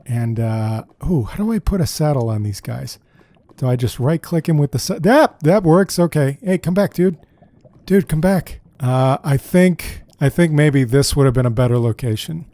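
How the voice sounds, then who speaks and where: Guy chatting thru his game, mellow voice, mid pitch, keeps saying dude. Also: normal speed, dry recording. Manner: chatty, thinks aloud, often says "dude". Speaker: gameplay commentator. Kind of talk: casual let's-play commentary.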